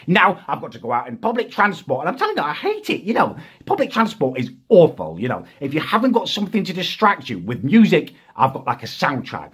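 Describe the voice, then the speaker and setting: A young man in a comedic rant, exasperated and indignant, with sudden high-pitched outbursts. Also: a bit bright, slightly rough. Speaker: comic ranting character.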